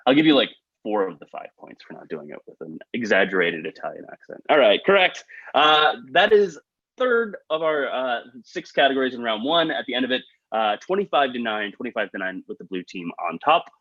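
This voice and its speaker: A man's voice: mid-range voice, very animated, a bit bright, no room sound. Upbeat man hosting an online trivia quiz. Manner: upbeat, quick asides, chuckles at own jokes. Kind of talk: reading trivia questions, joking asides. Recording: dull, lo-fi video call audio.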